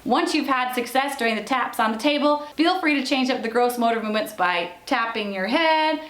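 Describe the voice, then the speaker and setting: A young woman presenting a parenting lesson, explaining toddler games in a slow, patient way. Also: a little high, lively intonation, fairly bright tone, reverberant. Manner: slow, patient, sing-song with the child. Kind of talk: instructional demonstration with a toddler.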